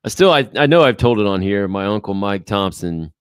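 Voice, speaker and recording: A co-host whose voice swings widely in pitch as he fires off listener questions. His delivery is upbeat and quick. The sound is dry and close to the mic. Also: lively intonation, clear, resonant tone, no room sound. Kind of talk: casual chat.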